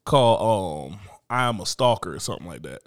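Animated profane man, casual podcast chat. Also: deep voice, brisk, no room sound, clean studio sound. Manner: animated, profane, acts out voices. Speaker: podcast co-host. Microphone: studio mic, close.

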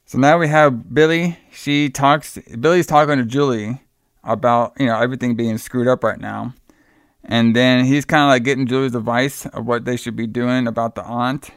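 A man's voice: medium pitch, steady tone, normal speed, smooth, no echo, clean studio sound. A man casually recapping a film scene by scene, rambling with lots of fillers and swearing. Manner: rambling, filler-heavy retelling with frequent swearing. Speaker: podcast co-host recapping a film. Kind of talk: casual chat.

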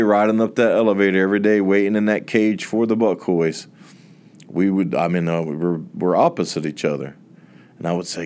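Man preacher with a low voice, telling his story with emphasis and rising swells. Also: a little mellow. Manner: emphatic storytelling with repeated phrases. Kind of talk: sermon with a personal testimony.

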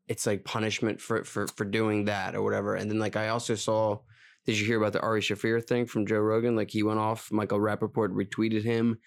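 A man's voice: lowish voice, smooth. A man co-hosting a casual podcast, talking reflectively in a rambling way with many fillers. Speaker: podcast co-host. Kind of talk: casual chat.

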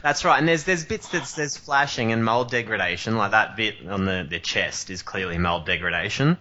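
A man's voice: on the low side, moderate pace, pushed and bright, highs cut off, slight background noise. A man chatting casually about his collection, rambling with many fillers and restarts. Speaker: collector in group chat. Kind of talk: casual chat.

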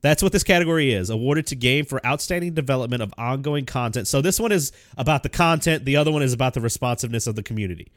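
A young man co-hosting a casual chat, self-deprecating and quick to laugh. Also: mid-range voice, expressive, no room sound, studio quality. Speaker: podcast co-host.

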